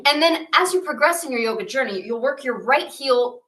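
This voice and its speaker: A woman yoga teacher guides a class through poses and weaves in a myth, with playful asides. Her voice is high and bright. She sounds roomy and set back from the mic. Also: animated, brisk, recorded from a distance.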